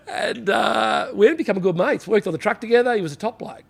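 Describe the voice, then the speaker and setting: A middle-aged Australian man spins long, loose stories from his police days in an easygoing interview. His voice sits a bit high for a man, and his talk is blokey, circling back on itself with plenty of "you know" fillers. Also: quick pace, vocal fry, hardly any pauses, husky. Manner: blokey, rambling anecdotes with frequent "you know". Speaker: interview guest, former police officer. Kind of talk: casual storytelling interview.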